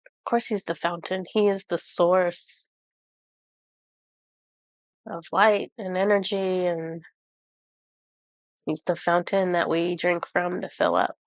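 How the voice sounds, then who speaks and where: Low gravelly woman channeling card messages. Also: little pitch movement, no room sound, studio quality. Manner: halting and awestruck, with frequent pauses and exclamations. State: has a cold. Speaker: channeler reading oracle cards. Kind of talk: intuitive card reading to viewers.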